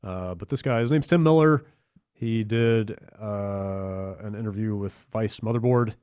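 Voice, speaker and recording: A man in his podcast seat, speaking in a low voice with a meandering, hesitant delivery. His talk is full of "uh" and restarts. The sound is dry and close. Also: a little slow, darkish tone, smooth, no echo. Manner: rambling, hesitant with many fillers. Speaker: podcast co-host. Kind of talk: casual chat.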